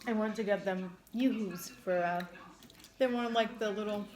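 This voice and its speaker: A woman with a mid-range, slightly mellow voice chats at a normal speed while eating on a casual mukbang stream. She tells stories, laughs often, and swears freely, and the recording quality is low.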